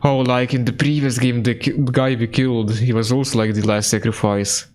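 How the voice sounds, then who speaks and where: A man's voice: mid-range voice, steady tone, fairly quick, darkish tone. A male streamer giving casual, laid-back commentary while playing a game, swearing often and laughing at himself.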